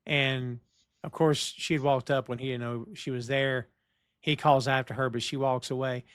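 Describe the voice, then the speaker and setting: A man's voice: mid-range voice, little pitch movement, normal speed, a bit bright, clear, resonant tone, dry recording. A man with a mid-range voice recaps scenes for a podcast, blunt in his opinions and acting out the characters' lines. The recording is dry and close. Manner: blunt, acts out quoted lines. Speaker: podcast co-host. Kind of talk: casual TV review chat, recapping plot.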